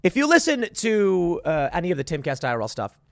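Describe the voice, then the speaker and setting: A man's voice: high voice, wildly swooping pitch, brisk, creaky, fairly bright tone, no room sound, studio quality. A man in his thirties hosting a commentary show, talking in a sarcastic, exasperated, rambling way with frequent restarts. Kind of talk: opinion commentary monologue.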